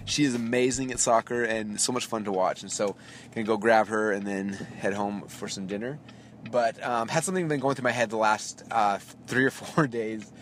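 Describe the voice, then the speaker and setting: A man in his thirties, a podcast host, telling a story in a chatty, lively way with quick asides and small laughs, recorded in a car while driving. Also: fairly low pitch, soft background music. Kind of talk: casual storytelling monologue. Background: faint vehicle noise.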